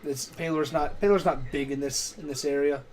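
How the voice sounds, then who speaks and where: A man's voice: a little high, normal speed. A man running a tabletop game as game master on a live stream. He restarts his sentences often and makes self-mocking jokes.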